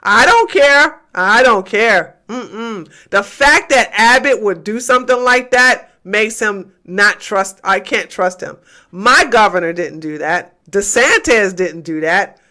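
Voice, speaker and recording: Unhurried and mid-range, this woman's voice belongs to a casual livestream host from Georgia, USA. She speaks to her chat with animated emphasis, shifting between loud outbursts and muttering.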